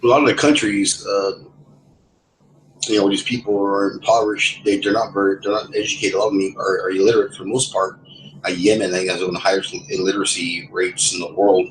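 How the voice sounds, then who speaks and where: A man's voice: deep voice, little pitch movement, brisk, a little hiss or hum, rough recording. A man chatting casually in an online voice lobby, rambling and restarting his sentences with many fillers. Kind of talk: casual voice chat.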